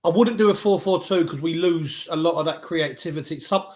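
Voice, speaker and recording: A man's voice: fairly high pitch, a little fast, a loud crowd. A man co-hosting a casual football chat, chatty and teasing his co-host. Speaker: podcast co-host.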